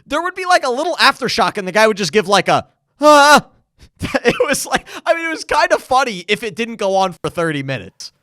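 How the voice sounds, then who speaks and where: A young man co-hosting a podcast, telling a travel story in a casual, animated way and acting out what others said. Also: high-pitched, fast, no room sound, clean studio sound. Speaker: podcast co-host.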